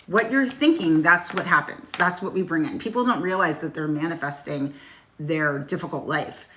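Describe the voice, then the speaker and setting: A woman's voice: sits low, moderate pace, sharp tone. A middle-aged woman giving a casual live-stream tarot reading, talking frankly and swearing freely as she addresses viewers by name. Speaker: tarot reader. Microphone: phone.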